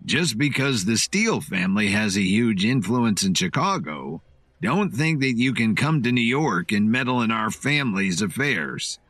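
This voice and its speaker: A man's voice: lowish voice, very animated, moderate pace, a bit bright, no echo. A man voicing a weak but proud old grandfather who sneers and threatens in a storybook reading. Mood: sneering.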